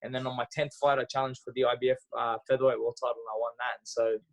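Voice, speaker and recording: A man, a podcast guest telling stories in a lively, casual way, full of fillers and restarts. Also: mid-range voice, rapid-fire. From Australia. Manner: animated storyteller, acts out dialogue, frequent fillers and restarts. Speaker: podcast guest, former boxer. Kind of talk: casual interview storytelling.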